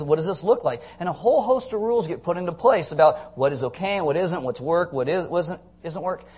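A man preaching a sermon, animated and joking, acting out characters in comic voices. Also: a little high, slightly rough. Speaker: pastor.

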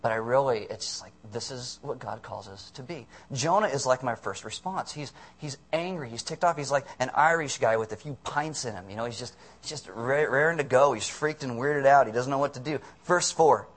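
A man preaching a casual, conversational sermon, animated and often acting out the people in his story. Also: medium pitch, fairly quick, few pauses.

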